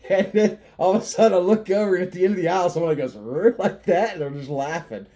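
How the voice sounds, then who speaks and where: Rambling, profane man with a mellow voice. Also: sits high, quick pace. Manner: profane, joking, often laughing while talking; rambling with frequent restarts and fillers. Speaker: vlogger. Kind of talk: casual rambling monologue.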